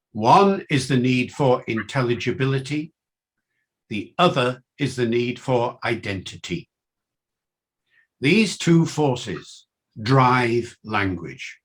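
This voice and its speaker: Older man, linguist lecture, very slow pace, emphatic, rhetorical questions. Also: medium pitch. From Wales. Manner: measured, deliberate, emphatic phrasing with rhetorical questions. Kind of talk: academic lecture.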